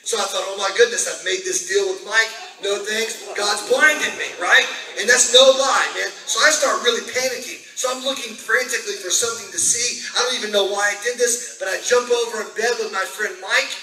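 A man in his forties preaches his testimony in a storytelling way, often putting questions to the listeners. His voice is high and very sharp. He sounds far from the mic in a roomy church hall. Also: fairly even intonation, brisk, few pauses. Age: 40s. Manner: storytelling, asks the audience questions. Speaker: revival speaker. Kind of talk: sermon testimony.

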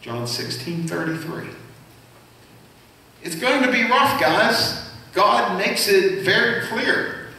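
A high-pitched, expressive man, his voice pushed and bright, preaches slowly with long pauses as senior pastor, conversing with and questioning his congregation. He is recorded from afar in a very echoey church sanctuary.

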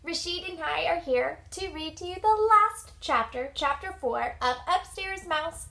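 A woman reads a children's storybook aloud with an expressive, animated delivery. Her high voice moves slowly, with a bright, clear tone and plenty of rise and fall. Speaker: storybook reader. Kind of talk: reading a children's book aloud.

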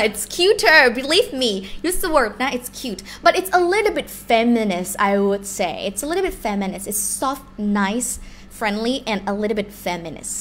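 A young woman with a Thai accent teaching a live-streamed language lesson, explaining slowly and repeating words in different tones. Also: fairly high pitch, animated. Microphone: laptop or phone mic on a live stream.

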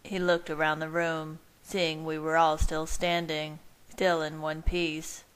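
A woman reading fan fiction aloud, her voice slightly low. She keeps a steady, even narrating pace between the characters' lines. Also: takes it slowly, clear, resonant tone. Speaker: reader.

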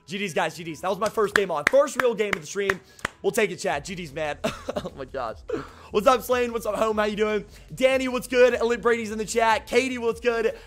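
Excitable young man streaming a game. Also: sits high. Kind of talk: live gameplay commentary to chat.

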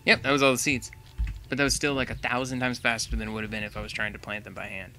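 A man's voice: mid-range voice, flat delivery, fast, bright, forceful tone, soft background music. A young man giving casual, chatty commentary while playing a building game, thinking aloud and laughing often. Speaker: gaming channel host.

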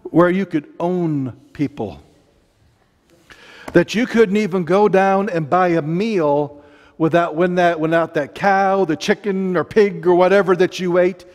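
This is a rambling, impassioned sermon with joking asides, preached by a middle-aged man with an Ozarks accent. He speaks notably high for a man, and each phrase lingers in a long reverb.

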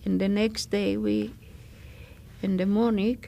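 Gravelly older woman, slow halting testimony. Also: medium pitch, flat delivery, mellow. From Greece. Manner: halting, with many pauses and fillers. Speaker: survivor giving testimony. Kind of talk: oral history testimony.

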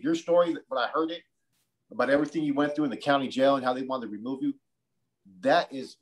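A man's voice: medium pitch, poor audio. Candid interviewer man. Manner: candid, reflective, says "man" often. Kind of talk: casual interview chat.

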